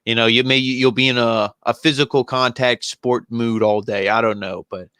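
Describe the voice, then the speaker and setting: Wrestling review co-host, male, crisp bright tone, loose rambling chat. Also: medium pitch, fairly even intonation, normal speed, no echo, studio quality. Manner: rambling, fillers, acts out wrestlers' lines in passing. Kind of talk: casual chat.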